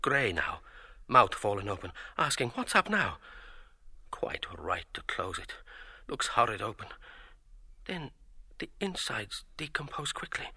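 A man's voice: medium pitch, sing-song, a little slow, bright, forceful tone, breathy edge, dry recording, clean studio sound, heavily acted. An actor voicing a middle-aged man's inner monologue in clipped, murmured fragments of thought. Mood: musing. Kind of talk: audio drama inner monologue.

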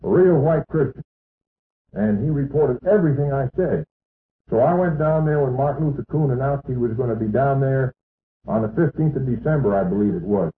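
A man giving an emphatic, boastful rally speech to an audience in a meeting hall. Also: mid-range voice. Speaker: political speaker. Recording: tinny, echoey archival hall recording.

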